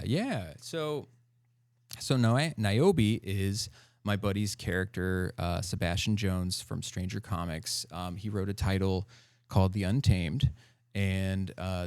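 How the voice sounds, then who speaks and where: Man, podcast guest, low voice, smooth and clear, casual animated chat, close dry mic. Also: no room sound. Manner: animated, laughs often, many fillers.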